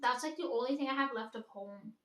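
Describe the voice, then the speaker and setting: Recorded from a distance in an echoey room at home, a young woman rambles through casual daily vlog chat, full of "like" and offhand swearing. Her voice is fairly high with a sharp tone, and she speaks a little fast.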